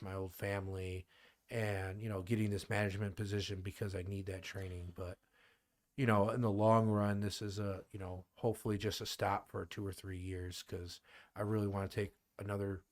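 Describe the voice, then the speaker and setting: A man in his thirties from the Midwest with a Midwestern accent, chatting casually as a podcast guest and rambling with lots of fillers and restarts. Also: lowish voice. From American Midwest. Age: 30s. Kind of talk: casual conversation.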